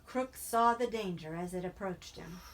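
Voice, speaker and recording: A woman narrating a novel in a plain, steady audiobook reading. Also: fairly low pitch, normal speed, background noise.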